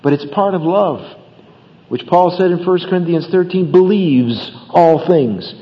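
A man's voice: high voice, a little slow, in a large hall, lo-fi sound. A man preaching a sermon about marriage in an earnest manner, with rising emphasis and acted bits of dialogue. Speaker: pastor.

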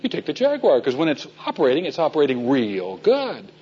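A man's voice: on the high side, huge pitch swings, fairly quick, darkish tone, husky, muffled recording. A man teaching a men's Bible class in a folksy storytelling way, asking his listeners questions.

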